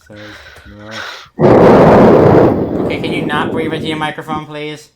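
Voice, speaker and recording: Joking man bantering with friends on an online voice call, heard through a headset mic. His voice sits a little high for a man, and loud hiss and noise run under everything he says. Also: moderate pace. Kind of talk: casual chat on a voice call.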